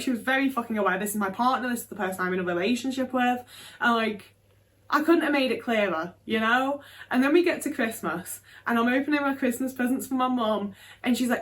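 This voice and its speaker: A woman's voice: on the high side, a bit bright. Sweary woman rambling. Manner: candid, sweary, rambling with many fillers. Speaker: vlogger. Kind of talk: casual storytelling to camera.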